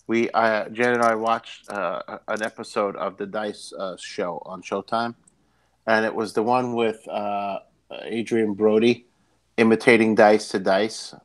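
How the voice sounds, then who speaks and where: A man's voice: on the low side, fairly even intonation, unhurried. A man with a New York accent co-hosting a podcast, agreeing readily and telling stories with many fillers. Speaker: podcast co-host. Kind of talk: casual chat.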